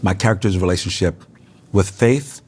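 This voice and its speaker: A middle-aged man, a guest in a casual interview over a meal, telling lively stories and acting out the voices of the people in them. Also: low-pitched, moderate pace, breathy edge. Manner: animated storyteller, acts out quoted voices.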